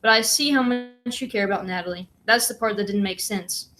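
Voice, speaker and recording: A quiet, calm mother in a storybook, read by a woman. She speaks in a soft, level voice close to the reader's own. She stays steady and controlled, even when tearful. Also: medium pitch, brisk, soft background music, close to an everyday voice.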